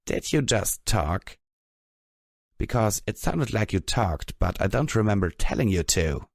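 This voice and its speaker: A man's voice: on the low side, animated, measured pace, creaky, darkish tone, dry recording, studio quality, voice pushed up, full character voice. Man doing a sneering bully pony mare. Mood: menacing. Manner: sneering, taunting. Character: bullying female pony, menacing, spiteful.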